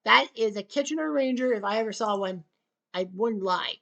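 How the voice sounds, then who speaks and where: A woman giving play-by-play commentary on a table hockey game, with excited goal calls and sarcastic asides to the viewers. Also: a little high, normal speed, vocal fry, lo-fi sound.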